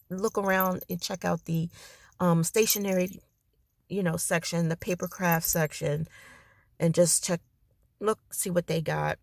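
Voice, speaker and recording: A woman's voice: fairly low pitch, vocal fry, darkish tone, no echo, clean studio sound. A tired woman with a crackly voice chatting casually in a rambling vlog from her parked car. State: tired, ready for bed. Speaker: vlogger.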